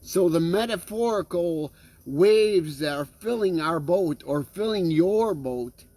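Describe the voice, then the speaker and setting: A man's voice: sits high, animated, takes it slowly, mellow, dry recording. A man preaching a sermon in an earnest way, often checking in with listeners and restarting his phrases. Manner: earnest, checks in with listeners with frequent "okay?" and "right?".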